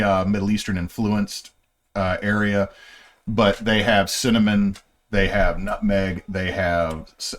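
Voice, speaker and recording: A man's voice: lowish voice, a bit bright. A man as game master, casually walking his players through setting lore with plenty of fillers and restarts. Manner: rambling, filler-heavy explaining. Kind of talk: casual session-zero lore briefing.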